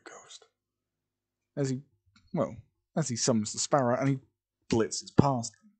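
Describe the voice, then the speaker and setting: A man narrates a homemade story at a slow, unhurried pace, often stopping to correct himself mid-sentence. His pitch swings widely while the tone stays dark and mellow. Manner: rambling, self-correcting, hesitant. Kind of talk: improvised fan-fiction narration.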